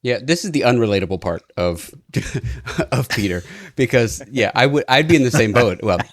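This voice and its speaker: A man co-hosting a podcast, reflecting on Bible stories as he thinks out loud. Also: medium pitch, expressive, moderate pace, dry recording. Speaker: podcast co-host. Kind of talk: casual discussion of Bible stories.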